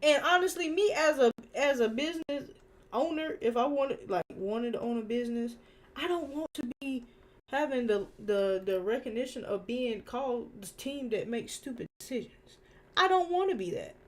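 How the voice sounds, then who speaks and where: A young woman chatting on a live stream as she draws. She rants in a casual, slangy, animated way and laughs easily. Her voice sits a little high. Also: normal speed. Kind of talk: casual rant while drawing.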